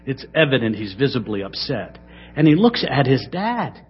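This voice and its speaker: A middle-aged man preaching a sermon in a church, dramatic, swinging between loud emphasis and hushed asides. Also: mid-range voice, sing-song, moderate pace, breathy edge, faint music behind. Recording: dull, lo-fi sermon recording.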